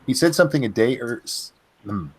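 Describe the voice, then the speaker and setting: A man co-hosting a casual livestream chat, with dry, deadpan jokes and loose asides. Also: mid-range voice, brisk, crowd noise. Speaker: podcast co-host.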